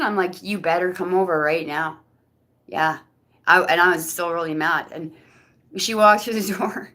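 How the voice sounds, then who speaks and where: Lowish-voiced woman rambling thru a personal story, lots of restarts, does voices for people she quotes. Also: a little slow, long pauses, fairly bright tone. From Canada. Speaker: vlogger giving personal testimony. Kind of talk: rambling personal testimony monologue.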